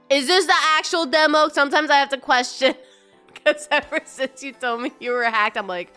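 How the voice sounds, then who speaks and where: A woman streaming live, chatting casually with her viewers, bubbly and chatty, greeting them in a high sing-song and often laughing. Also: moderate pace, pushed and bright, soft background music.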